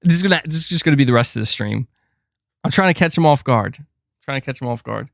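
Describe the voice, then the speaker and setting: A man's voice: mid-range voice, fast, gravelly, a bit bright, no room sound. A man hosting a casual gaming livestream, talking close to a desk mic and chatting loosely, often breaking off to coax his cat. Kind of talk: casual live-stream chat.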